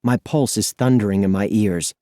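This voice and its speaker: Low, warm male audiobook narrator. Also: moderate pace, no room sound, clean studio sound. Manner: lively, expressive, breathless storytelling. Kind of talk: scripted first-person audiobook narration.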